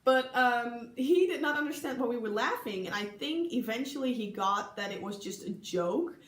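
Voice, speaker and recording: Young Dutch woman vlogger telling stories, bright, slightly high, giggly, full of fillers; echoey room. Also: expressive, normal speed. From Netherlands. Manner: chatty, giggly, many ums, acts out quoted people. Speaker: vlogger recalling an exchange year. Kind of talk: casual storytelling to camera.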